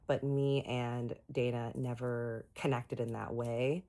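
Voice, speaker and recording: A woman's voice: extremely low pitch, little pitch movement, slow, warm tone. A woman vlogger telling a story in a frank, chatty way, with lots of "like". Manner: frank, chatty, heavy use of "like". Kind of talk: casual storytelling.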